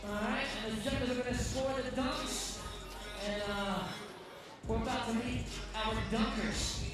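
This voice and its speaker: A male arena announcer with an extremely high voice introduces competitors with showy flair, pumping up the crowd. Loud music plays under every call. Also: fairly even intonation, unhurried. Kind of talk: live crowd hype announcing.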